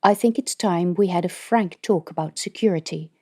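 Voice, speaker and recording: A woman voicing a stern, secretive female military colonel in an audiobook, speaking in a measured, grave way. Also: on the low side, mellow, natural voice.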